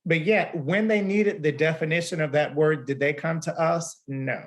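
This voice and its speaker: A man's voice: a little high, steady tone, normal speed, fairly bright tone. A man making his case on a panel, his slightly raised voice impassioned and pointed. He speaks as an arts teacher over a video call. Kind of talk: panel discussion.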